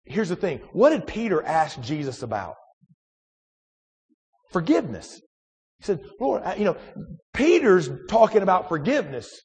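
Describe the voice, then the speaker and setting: A man preaching a sermon in a relaxed, conversational way, full of restarts and rhetorical questions to the congregation. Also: high voice, normal speed, long pauses, slightly rough, big-room sound. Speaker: pastor.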